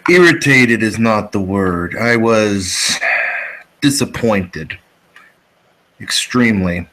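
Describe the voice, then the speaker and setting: A man voicing a solemn vampire aristocrat in a tabletop game, formal and measured, slow and deliberate, lowish voice. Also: expressive, pushed and bright, full character voice, poor audio. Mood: disappointed, grave. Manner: formal, measured, old-fashioned phrasing. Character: grave, disillusioned male vampire neonate. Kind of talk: tabletop role-play in character.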